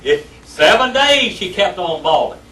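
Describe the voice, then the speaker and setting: A man's voice: sits high, sing-song, a little slow, pushed and bright. A man teaching a Sunday school class in a church classroom, telling the story in a folksy, colloquial way. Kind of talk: lively Bible class teaching. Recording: echoey room, distant mic, faint noise.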